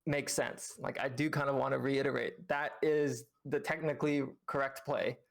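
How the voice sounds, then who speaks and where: Male game coach, gravelly voice, patient, explanatory, filler-heavy delivery. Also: mid-range voice, steady tone, moderate pace. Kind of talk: reviewing gameplay with a student on stream.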